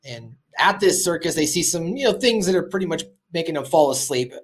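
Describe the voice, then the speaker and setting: A man's voice: fairly high pitch, lively intonation, fairly quick. A man hosting a podcast, animatedly retelling a cartoon episode in a loose, casual chat with lots of fillers. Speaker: podcast host.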